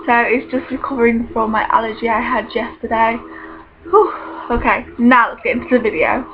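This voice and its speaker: A woman's voice: a little high, brisk. Chatty woman vlogging. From United Kingdom. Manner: chatty, rambling, self-correcting. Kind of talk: casual chat to camera. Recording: dull lo-fi recording with faint noise.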